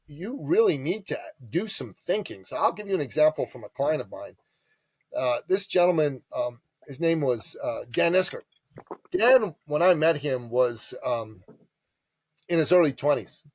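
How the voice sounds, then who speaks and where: Husky, animated male storyteller. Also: on the high side, normal speed, no room sound. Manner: animated, emphatic, calls the listener brother. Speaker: guest, business advisor. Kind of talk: storytelling in a podcast interview.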